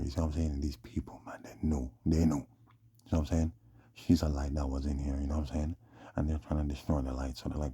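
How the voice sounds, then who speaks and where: Deep gravelly man rambling to his phone. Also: mellow, no room sound. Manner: streetwise, emphatic, keeps saying "man". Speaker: vlogger. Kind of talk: rambling casual monologue.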